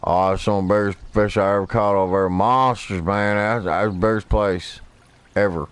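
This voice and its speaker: A man's voice: lowish voice, fairly even intonation, moderate pace, clean tone, no room sound, voice pushed up, natural voice. A man mimicking a boastful male fisherman who exaggerates his catch, in a mocking tone.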